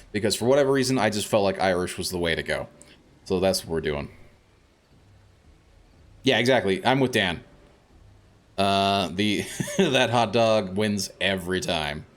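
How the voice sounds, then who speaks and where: Male streamer, deep voice, loose chatty commentary, reads game text aloud, curses at setbacks. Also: moderate pace, long pauses. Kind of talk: casual gameplay commentary.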